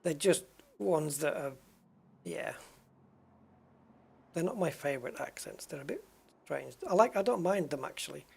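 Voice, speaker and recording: A man with a gravelly, slightly husky voice that sits a little high, rambling through chat messages while he plays. He wanders off on tangents and teases himself as he answers viewers at his desk. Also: lively intonation, normal speed, long pauses, a little mellow. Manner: rambling and self-mocking, reads and answers chat. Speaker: gaming streamer. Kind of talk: casual live-stream chat.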